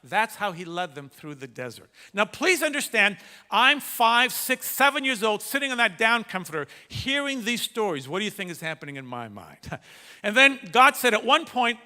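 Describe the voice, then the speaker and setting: A middle-aged man preaching a sermon, telling a story with dramatic swings from loud to hushed. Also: high voice, very animated, normal speed. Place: large church hall. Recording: echoey church hall.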